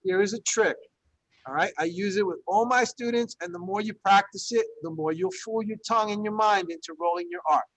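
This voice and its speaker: High-voiced man teaching Spanish. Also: fairly quick, low-quality recording. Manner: encouraging, drills pronunciation by repetition. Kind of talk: classroom language lesson.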